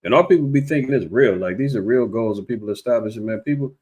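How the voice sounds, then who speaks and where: Speaking fast and a little mellow, a man rambles through casual religious commentary online. He gets preachy, restarts often, and mocks others with raised-pitch impressions.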